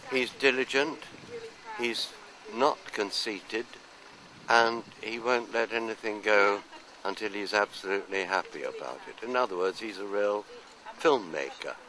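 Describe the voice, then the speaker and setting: An older man from London speaks as an actor in a casual interview. His voice sits a little low but comes across bright and forceful. He tells anecdotes in a chatty, self-deprecating way. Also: unhurried, low-quality recording.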